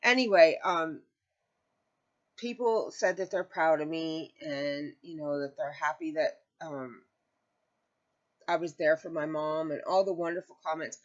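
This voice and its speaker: A woman's voice: low voice, measured pace. A woman talking casually to her viewers from home, rambling and tearful as she shares personal news. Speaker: crochet vlogger. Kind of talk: casual chat to camera. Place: home, with pets nearby. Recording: dull lo-fi home video audio.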